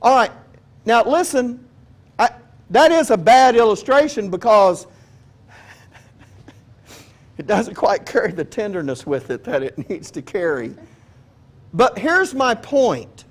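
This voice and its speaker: A man's voice: sits high, very animated, slow pace, pauses often. A man preaching a sermon in a conversational, joking way, often asking his listeners questions. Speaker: pastor.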